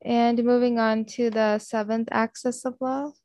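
A woman reflecting on a devotional reading and reading aloud, halting now and then. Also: fairly high pitch, flat delivery, a little mellow, dry recording. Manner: halting, with fillers and restarts.

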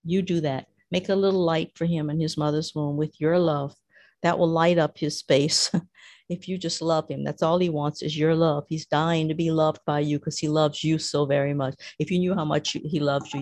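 A woman's voice: low-pitched, darkish tone, no echo. A woman reading a devotional text aloud and reflecting on it for listeners. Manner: reads aloud, then explains to listeners. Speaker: devotional reader.

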